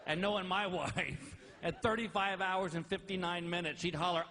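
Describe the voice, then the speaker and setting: A middle-aged man doing stand-up comedy, animated, shouting his punchlines and laughing through his lines. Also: high voice, moderate pace, long reverb tail.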